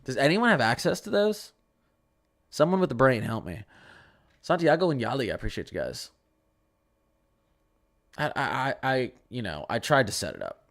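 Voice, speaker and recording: A young man hosting his own weather show in a loose, conversational way. He rambles, restarts and repeats phrases while reading viewer questions and pointing out model charts. His pitch sits in an ordinary middle range for a man. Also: very animated, normal speed, pauses often, a bit bright. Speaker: weather channel host. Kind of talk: casual livestream weather talk.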